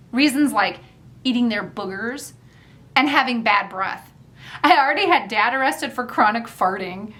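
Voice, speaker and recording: A woman narrates a first-person audiobook with a wry, chatty delivery. Her voice is bright and fairly high, and it rises and falls freely as she reads.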